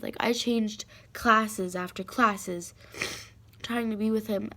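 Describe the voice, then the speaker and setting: A woman's voice: mid-range voice, fairly even intonation, takes it slowly, fairly bright tone. A teenage girl talking casually and emotionally to her camera at home, rambling with many fillers and restarts. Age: teens. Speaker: vlogger. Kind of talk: casual confessional chat to camera.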